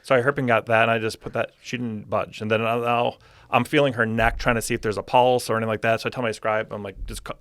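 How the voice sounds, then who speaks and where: A man, an optometrist, telling clinic stories on a podcast with animated, excitable energy. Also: mid-range voice, quick pace, no echo. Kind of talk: podcast storytelling. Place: podcast recording room.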